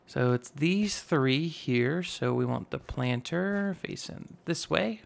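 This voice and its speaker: A man in his twenties with a slightly raspy voice, casually narrating a building game and rambling as he goes. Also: on the high side, animated, moderate pace. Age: 20s. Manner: rambling, self-teasing, narrates each step aloud. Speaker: gaming YouTuber. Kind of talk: casual Minecraft let's play commentary.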